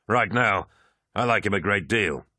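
Earnest male captain, direct and deep, in an audiobook, read by a man. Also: animated, unhurried, bright, forceful tone, no room sound, studio quality, heavily acted.

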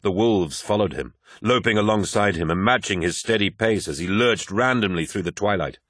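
Deep-voiced man narrating a dark audiobook. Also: dry recording, studio quality. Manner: measured, dramatic.

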